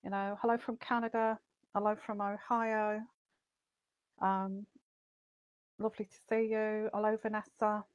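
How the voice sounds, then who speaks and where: A woman chats on a psychic livestream and greets her viewers one by one. She rambles loosely and fills her pauses with ums and uhs. Her voice sits at an ordinary pitch and sounds dry and close to the mic. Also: flat delivery, clear, resonant tone, no echo, dull audio. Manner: chatty, greets viewers by name, many fillers. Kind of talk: casual livestream chat.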